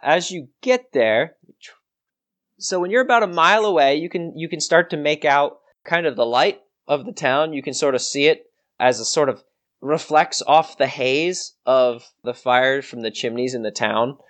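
A man's voice: fairly high pitch, moderate pace, fairly bright tone. A man narrating a tabletop game as game master, rambling and hesitant with many restarts.

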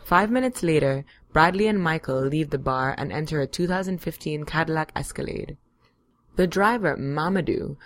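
A woman's voice: low voice, no echo. A woman reading scripted narration in a dry, matter-of-fact way.

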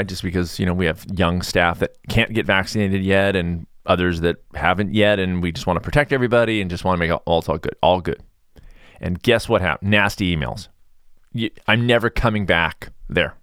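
Mellow, sarcastic male podcast host. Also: low voice, brisk, smooth, no echo, studio quality. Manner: chatty, rambling, sarcastic. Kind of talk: casual podcast monologue.

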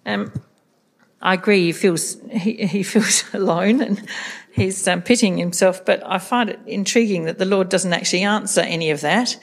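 A woman's voice: medium pitch, moderate pace, creaky. A woman in a church group offering a thoughtful, slightly hesitant comment.

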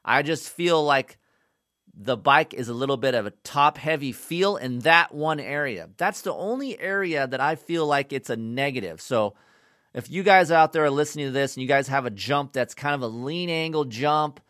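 A man's voice: mid-range voice, moderate pace, fairly bright tone, no echo, clean studio sound. A man giving a casual, rambling motocross bike review, blunt and often profane.

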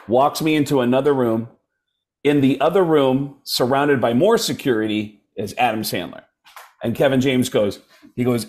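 A man, a comedian, telling stories casually and animatedly, dropping into quick impressions of other people. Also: mid-range voice. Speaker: comedian guest. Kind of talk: casual storytelling.

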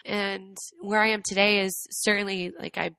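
This young adult woman, a podcast guest from Atlanta, recounts her story reflectively and earnestly, using plenty of fillers, her voice cracking because of allergies. She has a smooth, sharp-toned mid-range voice with a flat delivery at normal speed, and no echo.

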